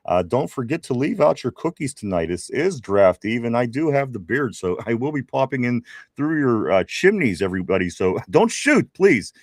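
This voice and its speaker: A man's voice: medium pitch, lively intonation, fairly quick, no echo, clean studio sound. Man reading viewer comments live. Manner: laughs often, reads viewer comments aloud. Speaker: co-host. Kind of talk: casual live sports chat.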